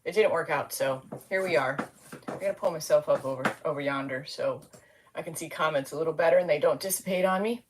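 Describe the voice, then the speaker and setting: A woman with a somewhat low voice hosts a relaxed live stream. She sounds tired and slap-happy and rambles from one thought to the next. She keeps greeting viewers by name. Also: fast, noisy background. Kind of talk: casual live stream chat.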